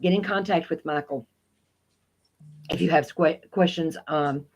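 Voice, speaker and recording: A woman's voice: low voice, measured pace, low-quality recording. A woman hosting an interview show, speaking in a gracious and polite way to her guest. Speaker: show host.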